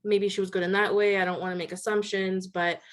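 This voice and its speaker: A woman's voice: level tone, fast talker. Chatty woman hosting a casual interview. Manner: chatty, many "like" fillers, quotes people in a higher voice. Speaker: podcast host.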